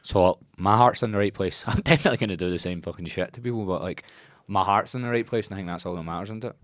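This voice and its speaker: A man's voice: fairly low pitch, quick pace, no room sound. A man hosting a casual podcast chat, a coach who swears freely and laughs often as he talks.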